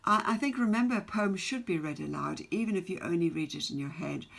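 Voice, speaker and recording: A woman teacher giving a recorded poetry lesson, asking her students question after question in a measured way. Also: on the low side, gravelly. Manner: slow, questioning, reads poem aloud with emphasis.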